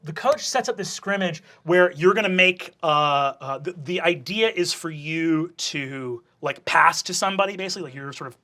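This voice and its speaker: A man's voice: fairly high pitch, moderate pace, hardly any pauses, bright, forceful tone. A man narrating and running a tabletop game as game master, casual with many fillers and swears.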